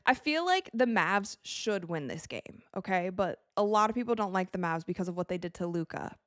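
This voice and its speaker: A young woman from Wisconsin hosting a live game watch party, chatting casually and reacting excitedly to plays as she talks. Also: mid-range voice, normal speed, dry recording, clean studio sound. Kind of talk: live casual commentary to chat.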